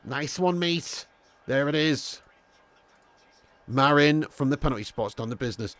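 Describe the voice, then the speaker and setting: Chatty lad hosting a football stream. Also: male voice, medium pitch, measured pace, pauses often, no echo. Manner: casual, laddish, swears freely, calls viewers mate and lad; gets loud and excited calling goals. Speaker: football watch-along host. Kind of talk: live streamed football commentary and chat.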